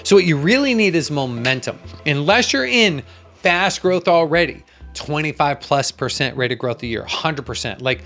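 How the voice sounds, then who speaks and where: A man giving a motivational business talk as a coach, emphatic and acting out little dialogues with sudden jumps in pitch. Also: fairly bright tone.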